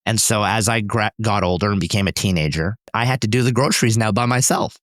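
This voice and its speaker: A man's voice: fairly low pitch, fast talker, few pauses, a bit bright, dry recording, studio quality. A man, a company founder, telling personal stories in an interview in an intense, emphatic, driven way. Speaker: startup founder and CEO, podcast guest.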